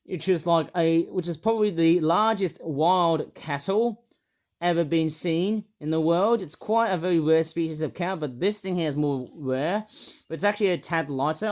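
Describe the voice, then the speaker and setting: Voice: mid-range voice, normal speed. A vlogger reviewing toys in a rambling, jokey, self-mocking way. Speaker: toy reviewer. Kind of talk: casual vlog.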